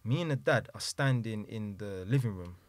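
A man with a London accent, a podcast guest telling a lively anecdote full of London street slang. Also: on the low side, normal speed, dry recording. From London, England. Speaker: podcast guest, property investor. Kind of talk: casual storytelling.

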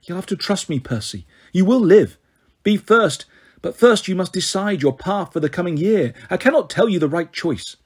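A man voicing a wise old centaur mentor from a storybook, measured and firm, a touch husky and pitched a bit above his plain reading voice, patient but insistent. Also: lively intonation. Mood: grave, gentle. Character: wise patient male centaur teacher, grave and kindly. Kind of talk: audiobook character reading.

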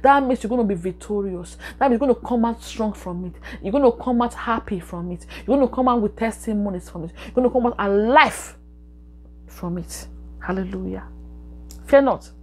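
A woman's voice: mid-range voice, moderate pace. A woman preaching a sermon and leading a prayer, repeating her phrases with emphatic, exhorting delivery.

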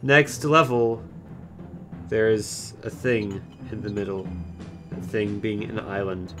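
A man with a fairly low voice talks his way through a game stream, rambling and dry. His jokes land flat and sarcastic. Game music plays clearly behind him. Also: slow. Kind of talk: casual game commentary.

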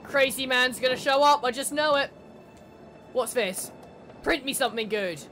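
A woman's voice: sits high, moderate pace, fairly bright tone, faint music behind. A woman commentating her horror game playthrough, sarcastic, swearing and laughing at the characters. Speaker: gamer. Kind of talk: let's play commentary.

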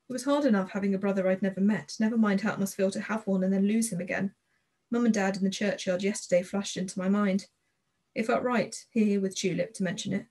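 A woman narrating a children's novel in the first person, reading in a gentle, measured and expressive way. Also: mid-range voice. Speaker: audiobook narrator.

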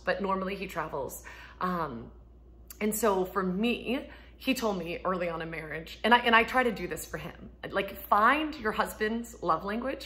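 A woman in her thirties, a homeschooling mom, chatting casually to camera from home, laughing often and acting out quotes in a higher voice. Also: sharp tone. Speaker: homeschooling mom and ministry speaker.

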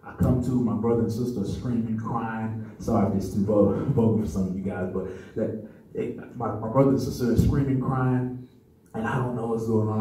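A man's voice: lowish voice, mellow. A man in his thirties giving a personal testimony at a conference, telling his story conversationally and often checking in with the audience. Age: 30s. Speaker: conference speaker. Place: meeting room at a men's conference. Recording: echoey room, mic far off.

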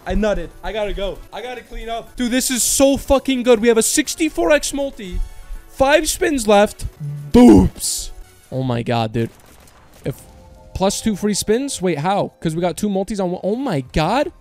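A man giving casual slot gameplay commentary, joking in slang, swearing a lot and breaking into high yells on big wins. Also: sing-song, normal speed, soft background music. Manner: slangy and joking, talks to viewers as bro and partner. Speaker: slot streamer.

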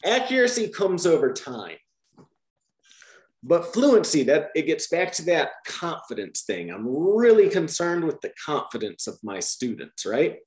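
A man's voice: a little high, a little slow, reverberant. A man explaining teaching methods to trainee teachers in a Q&A, often checking with "right?". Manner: lively, repeats "right?" to check understanding.

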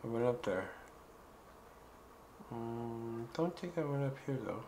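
A man's voice: mid-range voice, animated, takes it slowly, dark tone, slight background noise, poor audio. A man giving casual let's-play commentary, joking and talking back to the characters in the game. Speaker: gaming YouTuber.

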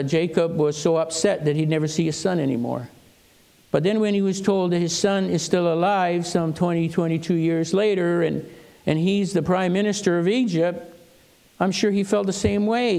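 An older male pastor preaching in a church, his voice somewhat high for a man and gravelly. He tells stories in a relaxed, conversational way and acts out the people he quotes. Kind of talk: sermon with personal stories.

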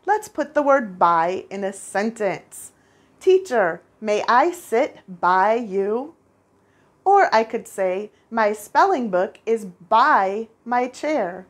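Very slow, patient woman teaching spelling. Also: fairly high pitch, sing-song. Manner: patient, drawn-out, repeats each word. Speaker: first grade teacher. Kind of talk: slow, clear spelling lesson for young children. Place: international school.

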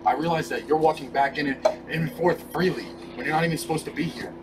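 Heated fast-talking man in an RV. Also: a little high, far from the mic. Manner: aggressive, confrontational, says bro constantly. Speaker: streamer in a heated argument. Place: inside an RV. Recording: noisy room, voice off-mic.

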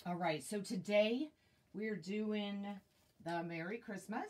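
Slow-talking woman crafter. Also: medium pitch, a little mellow. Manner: chatty, greets viewers, thinks aloud with fillers. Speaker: wreath maker hosting a live stream. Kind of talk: casual live craft demonstration. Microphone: tablet mic.

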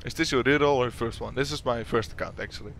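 A young man from the Netherlands with a Dutch accent, a YouTuber casually reading out viewer questions and answering them with giggles and halting fillers. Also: medium pitch, gravelly, fairly bright tone, slight background noise. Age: young adult. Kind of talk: casual Q&A chat.

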